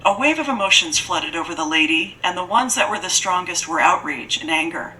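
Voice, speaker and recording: A woman narrating a mystery audiobook in a steady storytelling delivery. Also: fairly low pitch, a little fast, a little hiss or hum, low-quality recording.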